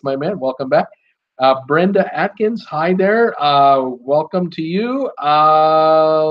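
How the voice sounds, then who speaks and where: Chatty man hosting a live stream, slightly high voice. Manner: chatty, many "uh" fillers, greets viewers by name. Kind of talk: casual live chat, reading viewer comments. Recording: dull lo-fi sound.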